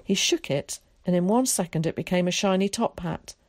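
A woman narrating a children's storybook aloud in a calm, even manner. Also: fairly low pitch, moderate pace, dry recording, clean studio sound. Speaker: audiobook narrator.

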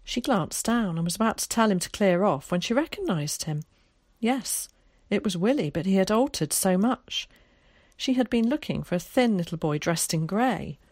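A woman narrating an audiobook in a calm, measured way. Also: medium pitch, dry recording, clean studio sound.

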